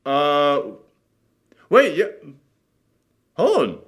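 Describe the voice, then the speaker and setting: A man's voice: on the high side, drawn-out words. Sarcastic ranting man reviewing a movie. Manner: animated, sarcastic ranting with many fillers. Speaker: movie reaction host. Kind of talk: casual movie review chat.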